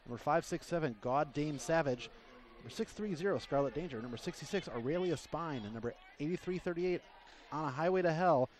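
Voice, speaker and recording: A man announcing a roller derby bout play by play, running energetically through rosters and action. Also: on the high side. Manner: energetic, rattles off names and numbers. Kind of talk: live sports commentary. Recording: crowd noise throughout. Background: crowd noise.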